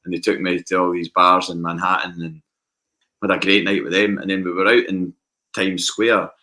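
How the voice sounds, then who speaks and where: A man with a Scottish accent telling lively anecdotes in a casual podcast chat. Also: sits low, normal speed. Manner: animated anecdotes with acted quotes. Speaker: podcast guest.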